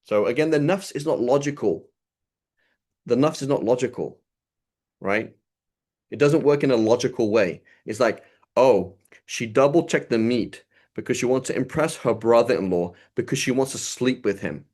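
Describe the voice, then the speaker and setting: A man's voice: medium pitch, moderate pace, a little mellow. A man teaching an informal sermon, conversational and loose, often checking in with "right?". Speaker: religious teacher.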